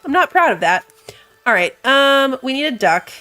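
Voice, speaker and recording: A woman with a stuffy nose gives casual let's-play commentary, reading out game text and laughing at her own slips. Her voice sits high and bounces around in pitch. Soft game music plays underneath. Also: sing-song, moderate pace. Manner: thinks aloud, reads game text, laughs at herself. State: stuffy from allergies. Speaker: gamer.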